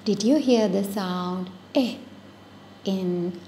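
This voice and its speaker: A woman teaching phonics to young children, repeating each word and stretching its sounds out slowly. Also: mid-range voice, mellow, a little hiss or hum. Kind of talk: slow, patient phonics lesson for young children.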